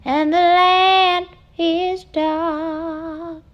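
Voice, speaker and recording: A woman putting on a tiny squeaky voice, singing slowly and drawn out. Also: level tone, highs cut off, full character voice. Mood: crooning. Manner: high squeaky put-on voice, slow and drawn out.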